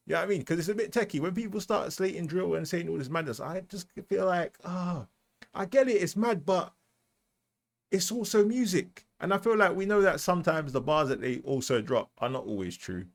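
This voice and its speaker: A man's voice: a little high, vocal fry. A British man giving casual, slangy commentary as he reacts to a music track, often asking "you know what I mean". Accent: British English.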